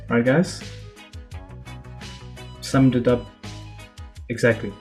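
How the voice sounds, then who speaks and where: A man with a middle-pitched voice hosts a commentary video. He speaks calmly and deliberately, giving his viewers a moral lesson. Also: faint music behind. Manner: calm, measured, moralizing. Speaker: host. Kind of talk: reaction commentary.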